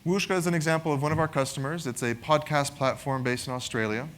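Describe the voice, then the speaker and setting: A man's voice: fairly high pitch, fairly even intonation, quick pace, slight background noise. A man giving a conversational technical product presentation, often adding "right?" to his points. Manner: conversational, frequent "right?" tag questions.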